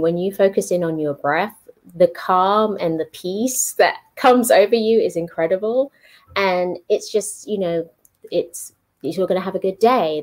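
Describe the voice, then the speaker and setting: Female guest, low-ish voice, relaxed and gentle when she explains. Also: rough recording. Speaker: podcast guest. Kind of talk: casual interview chat.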